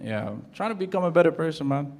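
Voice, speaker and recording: A male stand-up comedian from Toronto, talking on a handheld stage mic at a live show. He tells his stories in an animated way and acts out the voices of other people. Loud crowd noise and laughter sit behind him. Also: a little high, fast. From Toronto, Canada. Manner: animated storytelling, acts out quoted voices loudly.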